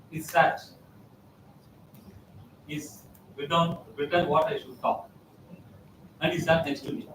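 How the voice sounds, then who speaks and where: Captured from afar in a spacious, reverberant hall with faint ambient hum, a man delivers a motivational speech. His voice sits a bit above the typical male range, and he leans on stories and repeats key phrases for emphasis as a guest speaker.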